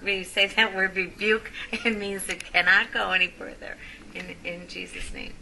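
Congregant, female, low gravelly voice, hesitant, picked up from a distance with noise. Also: flat delivery, normal speed, bright, forceful tone. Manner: hesitant, casual, with fillers. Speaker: congregation member. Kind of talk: speaking up during a sermon. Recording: distant mic in a noisy room.

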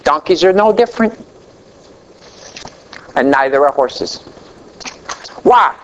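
Male pastor, sermon delivery, unhurried and dramatic, falling phrase endings, faint noise behind. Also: lively intonation, highs cut off. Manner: slow, dramatic preaching, drops low at the ends of phrases.

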